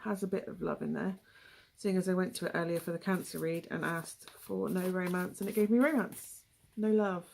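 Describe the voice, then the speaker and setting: A woman's voice: fairly low pitch, steady tone, brisk, gravelly, a little mellow, a little hiss or hum. A young woman with a West Country English accent giving a casual, rambling tarot reading, full of asides and ums. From England. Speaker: tarot reader.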